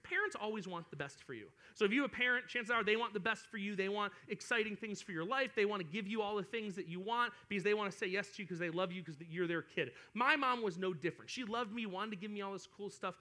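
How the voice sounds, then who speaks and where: High, bright, fast-talking young male youth pastor. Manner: animated storytelling, addresses listeners directly. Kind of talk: interactive sermon to young kids.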